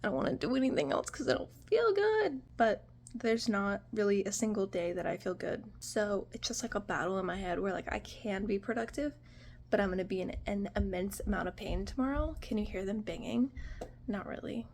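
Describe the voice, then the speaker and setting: A woman's voice: mid-range voice, moderate pace, creaky, a little mellow, a little hiss or hum. A woman in her twenties from the United States, rambling casually to the camera in a vlog at home, full of "like" and "you know". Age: 20s. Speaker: vlogger. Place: home apartment.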